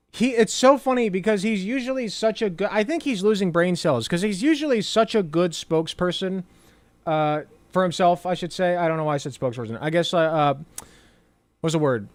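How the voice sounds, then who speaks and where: Sarcastic high-voiced male commentator. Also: expressive, a little fast, no echo. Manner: sarcastic, swears casually, lots of fillers. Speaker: political commentary YouTuber. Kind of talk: casual commentary, reading news aloud.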